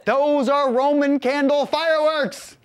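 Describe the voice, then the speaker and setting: A man's voice: very high voice, steady tone, unhurried, pitched above the performer's own voice. A man voicing a flustered father who keeps trying to reassure everyone. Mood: reassuring.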